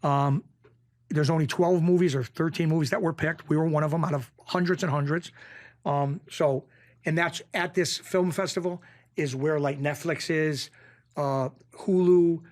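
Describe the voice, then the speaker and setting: New guy in his 50s telling stories, kinda higher voice, does everybody's voices. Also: normal speed. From Springfield, Massachusetts. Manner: animated anecdotes, acts out quoted voices. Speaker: guest. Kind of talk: casual storytelling.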